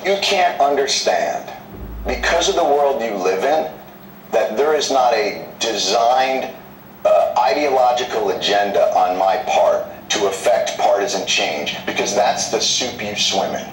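A man pushing back in a heated television interview, wry and argumentative. His pitch swings lively from line to line. The sound is roomy and a little off-mic. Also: a little slow, slight background noise. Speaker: comedian, interview guest. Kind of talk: combative TV interview. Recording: echoey, slightly distant mic.

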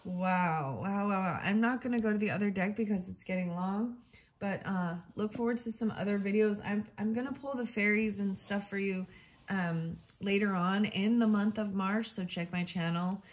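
A woman's voice: medium pitch, moderate pace. A woman giving a casual tarot reading to her viewers, chatting and thinking aloud as she reads passages from a book. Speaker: tarot reader.

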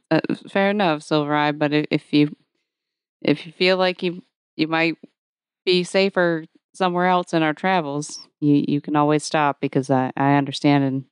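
A woman with a very low, smooth voice plays a tabletop game, choosing her words earnestly and stopping to restart often. The recording is dry and close to the mic. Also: little pitch movement, dry recording. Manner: halting, earnest, laughs easily. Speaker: player.

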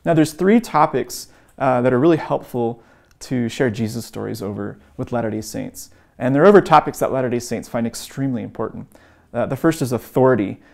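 A man of middle pitch explains and retells stories for a teaching course. He speaks earnestly and often pauses with um and uh. His voice lifts when he acts out the quoted lines. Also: vocal fry. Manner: earnest, frequent um and uh fillers. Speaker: evangelism course instructor. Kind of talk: teaching talk with retold stories.

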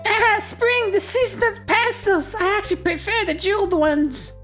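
Fussy, gossipy village woman with a very high, fluttery voice as a man puts her on. Faint game music. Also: normal speed, bright, forceful tone. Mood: chatty. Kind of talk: reading game dialogue aloud in character.

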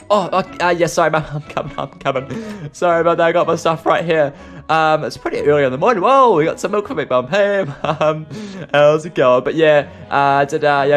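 Brief: young Aussie bloke, higher voice, bubbly role-play host, faint music bed. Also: male voice, brisk. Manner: excitable, chatty, lots of laughs. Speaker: video host. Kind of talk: improvised game role-play.

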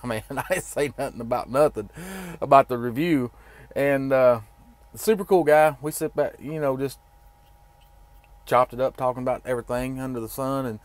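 A man's voice: mid-range voice, no room sound. Folksy rambling trucker man. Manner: rambling, folksy storytelling with many fillers. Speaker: trucker vlogger. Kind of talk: casual vlog chat.

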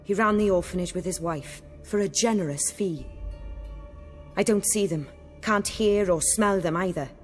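A woman's voice: medium pitch, moderate pace, soft background music, lightly acted. An actress playing a cold, commanding noblewoman who speaks in cool, clipped lines.

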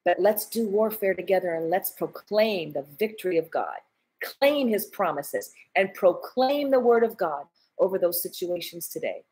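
A woman's voice: fairly low pitch, expressive, normal speed, a little mellow, slightly rough, poor audio. A woman pastor and evangelist leading a fervent prayer, declaring and proclaiming in repeated phrases. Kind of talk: fervent sermon prayer to viewers. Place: church online broadcast.

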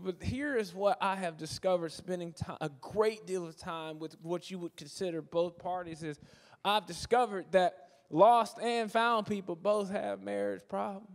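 Guy with a high voice preaching, jokey and animated, doing little voices, big church echo. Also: moderate pace, vocal fry. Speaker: guest preacher. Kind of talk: humorous conversational sermon. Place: large church sanctuary. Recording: long hall reverb from a church.

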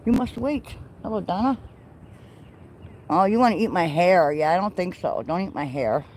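A woman's voice: fairly low pitch, normal speed, darkish tone, a little hiss or hum, low-quality recording. A woman livestreaming from an outdoor farm pen, cooing baby talk to her goats and chicks in a casual way. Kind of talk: casual chat to farm animals.

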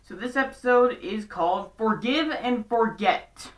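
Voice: medium pitch, expressive, a little slow, a bit bright. A casual show recap vlogger, chatty and throwing in sarcastic asides. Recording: roomy echo, distant from mic.

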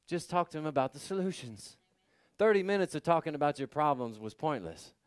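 A man's voice: a little high, no room sound, clean studio sound. A man pastor preaching a sermon, building emphasis and calling for responses from the congregation.

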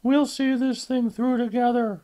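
A man's voice: very high voice, steady tone, unhurried, mellow, pitched above the performer's own voice. A man voicing a worried middle-aged mother who coaxes and insists. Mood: pleading.

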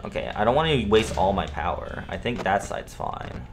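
A man's voice: fairly low pitch, animated, moderate pace, hardly any pauses, slight background noise. Cursing, jumpy young male streamer. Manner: profane, jumpy, repeats himself, yells at jumpscares. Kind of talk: live gameplay commentary.

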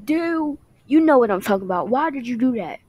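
A woman's voice: high-pitched, lively intonation, no room sound, muffled recording. A woman voicing a young man who is a struggling singer and someone's boyfriend, in an amateur online drama, talking in a whiny, accusing way. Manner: whiny, accusing, rapid complaints.

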